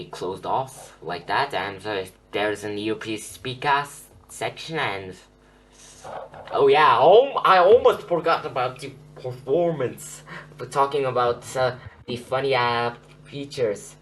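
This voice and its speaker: A man's voice: lowish voice, fairly bright tone. A young man rambling through an unscripted phone review, with many fillers and restarts. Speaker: tech reviewer. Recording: slightly distant with faint hum.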